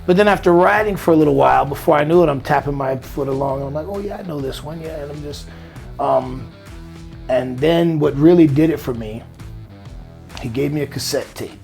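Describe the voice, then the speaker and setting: A middle-aged man with a gravelly voice sits as a guest in a casual interview. He tells his stories in an animated way and laughs easily, with music playing behind him. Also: medium pitch. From Miami.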